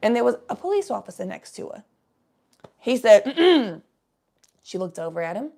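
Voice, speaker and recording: A woman's voice: a little high, sing-song, normal speed, vocal fry, mellow. A young woman telling rambling, profane stories in a laid-back, casual chat with the odd cough. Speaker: vlogger.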